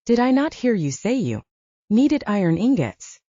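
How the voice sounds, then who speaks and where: A woman's voice: medium pitch, very animated, normal speed, warm tone, no echo, dull audio, voice pushed up. A woman voicing an overly cheerful, sing-song male wandering trader who speaks formally. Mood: cheery. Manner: sing-song, much too happy, formal.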